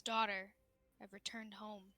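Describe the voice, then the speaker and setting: A woman's voice: mid-range voice, level tone, unhurried, pushed and bright, no echo. A woman voicing a proud, exiled female elf mage who speaks formally and with authority. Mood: guarded. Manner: commanding, formal.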